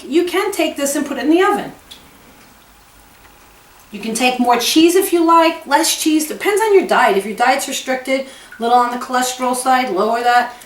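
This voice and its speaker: Woman host for a home cooking demo, rather high voice, effusive and chatty, picked up from off-mic in an echoey kitchen. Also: distant mic. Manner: gushing, exclamatory and chatty.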